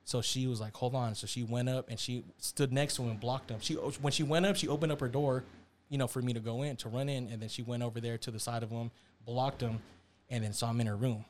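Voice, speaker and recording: A young man telling a story in casual chat, animated and slangy, acting out the quotes. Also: mid-range voice, quick pace, a little hiss or hum. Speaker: storyteller on a podcast.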